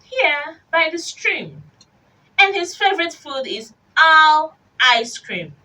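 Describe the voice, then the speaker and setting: A woman's voice: high-pitched, big pitch swings, slow pace, sharp tone, pitched above the performer's own voice, full character voice. A woman voicing a clever little mouse in a storybook reading, drawn out and emphatic. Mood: boastful warning. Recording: distant mic with faint hiss.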